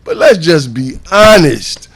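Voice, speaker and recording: A male host chatting casually on a talk show, emphatic and quick to laugh. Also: on the high side, very animated, a bit bright, breathy edge.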